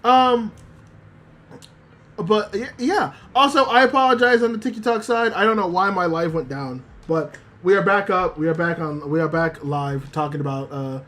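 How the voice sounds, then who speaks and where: A woman with a voice on the low side speaks at a moderate pace. She streams as a VTuber, rambling animatedly about anime with lots of swearing and fillers and reading chat messages aloud.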